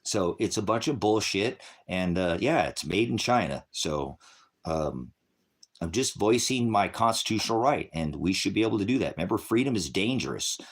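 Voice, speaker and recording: A middle-aged man hosting an online ministry channel, delivering an angry, profane political rant that swings between low mutters and loud outbursts, with frequent restarts. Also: expressive, moderate pace, husky. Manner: heated, profane, repeats words and restarts.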